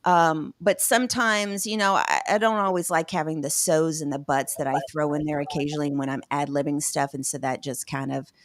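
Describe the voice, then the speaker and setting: A woman's voice: sits low, brisk, hardly any pauses, dry recording, studio quality. A woman with a Southern US accent, co-hosting a podcast and chatting casually with frequent laughter. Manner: laughs often, relaxed. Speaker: podcast co-host. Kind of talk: casual chat.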